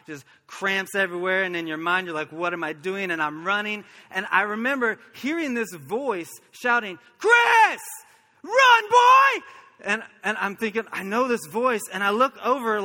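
A pastor from Oklahoma preaching a sermon, telling stories earnestly and chuckling now and then. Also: male voice, sits high, bright, forceful tone, long reverb tail. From Oklahoma, USA.

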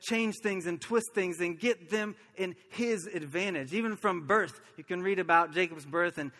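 A pastor from Oklahoma preaching a sermon, telling stories earnestly and chuckling now and then. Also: male voice, high voice, moderate pace, bright, forceful tone, in a large hall. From Oklahoma, USA.

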